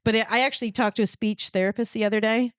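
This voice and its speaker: A woman's voice: on the high side, steady tone, rapid-fire, no echo, studio quality. A woman in her thirties from Wisconsin, hosting a casual chat, with a faint Upper Midwest accent and a chatty, storytelling way of talking. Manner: chatty, storytelling, many fillers and restarts. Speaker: podcast host.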